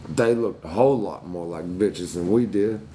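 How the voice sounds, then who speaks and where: A man's voice: low voice, normal speed, dark tone, slight background noise. A man telling crude stories from his childhood in a casual chat, swearing freely and laughing at himself.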